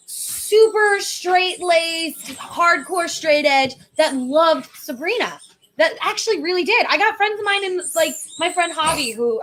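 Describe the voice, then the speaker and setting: Woman podcast host, high voice, chatty, playful, quick to laugh. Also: fairly bright tone. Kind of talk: casual chat.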